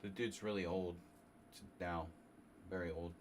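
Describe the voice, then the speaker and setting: A man from New Jersey streaming a chess simul, thinking aloud in a halting, casual way and coughing now and then. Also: low voice, steady tone, slight background noise. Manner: halting, muttering through chess moves with fillers.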